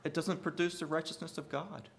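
A male pastor delivers an earnest sermon, his voice sitting a little higher than most men's. He drives points home by repeating phrases, rising to forceful emphasis and then dropping almost to a murmur. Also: steady tone, brisk, creaky, a little hiss or hum. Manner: earnest preaching with sudden rises and quiet drops.

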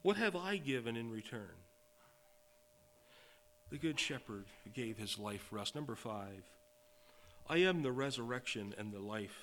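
A man preaching a sermon, quoting scripture and swelling from quiet remarks to loud, emphatic declarations. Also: mid-range voice, expressive, a little slow, pauses often, a little hiss or hum. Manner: reads and quotes scripture in old-fashioned wording.

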